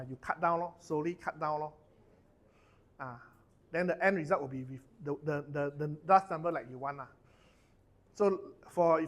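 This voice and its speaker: Man, Malaysian English accent, middle-aged, workshop trainer, casual lecturing, tags sentences with lah. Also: a little high. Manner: chatty, sprinkles lah and lor.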